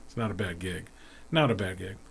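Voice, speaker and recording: A man's voice: sits low, expressive, fairly quick, vocal fry, breathy edge. A man hosting a casual interview, asking rambling questions in a chatty way. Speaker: podcast host.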